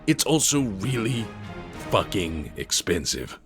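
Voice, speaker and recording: A man's voice: fairly low pitch, sing-song, slow pace, over music. A man narrating a lore video in an irreverent, profane, emphatic scripted style.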